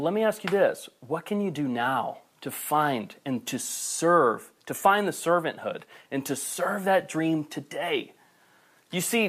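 Male pastor, higher register, fervent sermon delivery with casual, playful asides. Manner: passionate, builds to near-shouting then softens. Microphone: camera recording.

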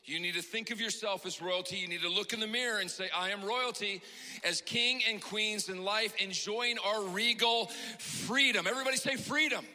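Bright-voiced, emotional preaching man. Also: high-pitched, moderate pace, long reverb tail. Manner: emotional, preaching with rising passion and shouts. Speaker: pastor. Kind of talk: sermon. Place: church hall.

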